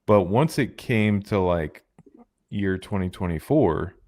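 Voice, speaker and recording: Slow and expressive, this man's low voice carries a darkish tone. He's co-hosting a podcast, chatting casually and rambling with many fillers and restarts.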